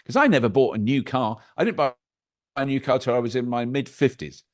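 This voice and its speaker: An older man, a podcast guest chatting over a video call, animated and anecdotal with wry asides. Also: mid-range voice, fairly quick. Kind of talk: casual interview chat.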